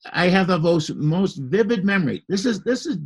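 A man's voice: sits high, lively intonation, normal speed, husky, low-quality recording. An older man, a podcast guest, telling a long story in easy conversation and acting out the people he quotes.

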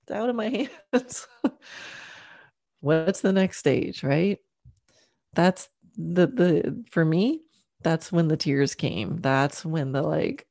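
A woman's voice: low-pitched, slow pace, creaky, mellow, no echo, clean studio sound. A middle-aged woman telling a personal story in an earnest, reflective way, often checking in with "right?" and "you know". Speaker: horse owner sharing a personal story. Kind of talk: casual storytelling monologue.

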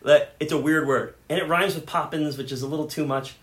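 A man's voice: fairly high pitch, steady tone, fairly quick. A man co-hosting a casual podcast about a movie, rambling and repeating words as he starts his sentences. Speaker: podcast co-host. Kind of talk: casual chat.

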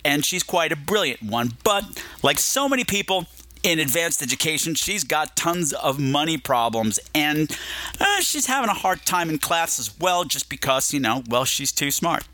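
Brief: male podcast host, bright, animated, playful film chat. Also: a little high, moderate pace. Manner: playful and digressive, slipping into silly voices. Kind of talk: casual film review chat.

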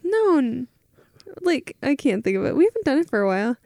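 Open, enthusiastic woman, slightly high. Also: very animated, brisk, warm tone, no room sound, studio quality. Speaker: podcast co-host, mental health nurse. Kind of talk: casual podcast chat.

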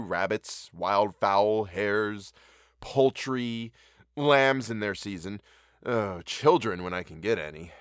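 A man voicing a feral teenage boy of the woods, slow and relishing, with a patronizing drawl. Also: fairly low pitch, no room sound, clean studio sound.

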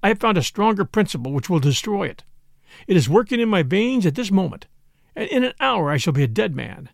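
A man's voice: high-pitched, sing-song, a little fast, vocal fry, no room sound, studio quality, exaggerated voice. A man reading an audiobook voices a mad, exultant male priest, wild and then cold and scornful. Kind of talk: audiobook character voice.

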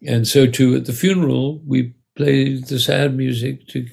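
An older man, a conductor and music educator, telling lively anecdotes in an interview, now and then acting out the voices of the people in them. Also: medium pitch, measured pace, gravelly, husky. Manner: animated anecdotes with acted-out voices. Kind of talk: storytelling in an interview.

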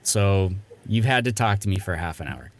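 A man with a low voice and lively intonation hosts a comedy podcast, talking briskly. He chats casually and plugs things in an upbeat, self-deprecating way, mixing easy conversation with promotion.

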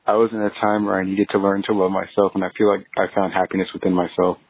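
A caller from Texas leaving an earnest voicemail asking for relationship advice, heard over a phone line. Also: male voice, sits low, fast, breathy edge. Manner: earnest, steady telling of a personal story.

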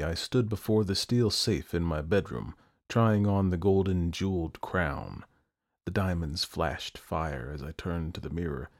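Guy narrating an audiobook in first person, low voice, measured. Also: darkish tone.

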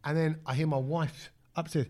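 A man, co-hosting a podcast and telling an animated story in casual chat. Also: a little high, moderate pace. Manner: animated, acts out quotes, says "bruv" often. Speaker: podcast co-host.

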